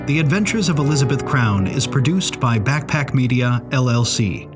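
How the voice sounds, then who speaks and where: A man narrating a scripted audio story in a measured, dramatic way. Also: medium pitch, expressive, over music.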